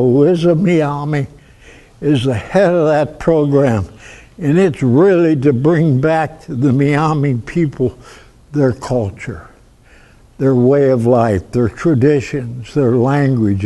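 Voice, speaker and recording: A man's voice: on the high side, slow, warm tone. An older man with a Midwestern American accent giving a folksy public history lecture, telling stories and acting out examples. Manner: folksy storytelling with demonstrations. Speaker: guest lecturer.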